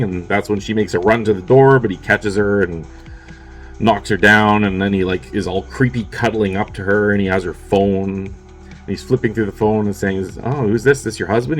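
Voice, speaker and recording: A man's voice: lowish voice, fairly even intonation, normal speed, faint music behind. A man casually recapping a movie plot for his review show, offhand and peppered with swearing and fillers.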